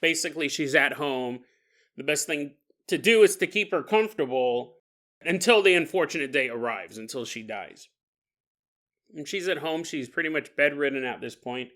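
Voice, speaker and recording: Podcast guy with a bright edgy voice, rambling through a ghost story, cracks jokes. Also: a little high, expressive, moderate pace. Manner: joking asides, chuckling between lines. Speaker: podcast host. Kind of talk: casual paranormal storytelling.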